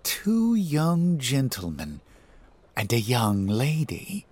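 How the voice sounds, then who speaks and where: A man voicing a sinister shapeshifting male demon who speaks slowly, softly and mockingly in a horror story. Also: medium pitch, huge pitch swings, breathy edge, voice pushed up, full character voice. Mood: taunting. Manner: slow, soft, taunting.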